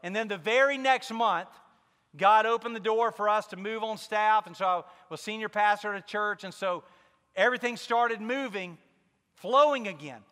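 A man's voice: high-pitched, moderate pace, sharp tone, clear, resonant tone, big-room sound. A man preaching a sermon as pastor, telling a personal story with candid asides and building to fervent emphasis.

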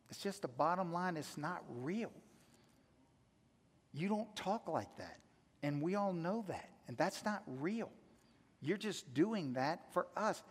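An older man preaching a sermon as pastor, conversational and earnest, swinging from hushed to loud. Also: sits high, breathy edge. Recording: echoey hall reverb.

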